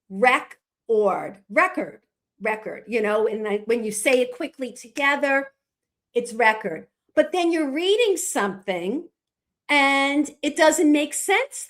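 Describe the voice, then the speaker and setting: Slow, high-voiced woman explaining. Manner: patient, walks through examples step by step. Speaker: podcast co-host explaining reading instruction. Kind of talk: explanatory podcast talk.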